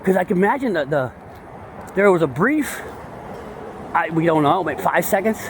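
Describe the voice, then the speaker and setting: A man in casual, rambling commentary, excitable and slangy, full of digressions. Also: high-pitched, moderate pace, a little hiss or hum. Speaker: true-crime commentator.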